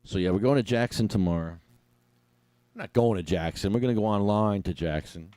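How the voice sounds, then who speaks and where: A man's voice: fairly low pitch, brisk, warm tone, dry recording. A man at home rambling and joking to himself during a live-streamed online meeting. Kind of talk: casual live-stream chat.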